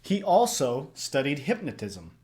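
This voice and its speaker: A man hosting a casual reaction discussion, talking in an animated way that swings up and down. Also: a little slow. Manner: animated, shifts pitch and loudness a lot, acts out voices. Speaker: reaction video host.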